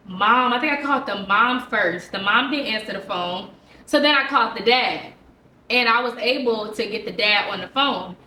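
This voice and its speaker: A teacher telling a classroom story in a casual, animated way, quoting herself and the people involved. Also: female voice, on the high side. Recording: roomy sound from a distant mic.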